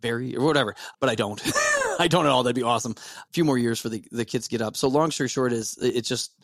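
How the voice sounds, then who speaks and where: Man, 40s, podcast guest, rambling casual talk, medium pitch, dry sound. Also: wildly swooping pitch, fast, a bit bright, no echo. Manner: rambling, many restarts and fillers.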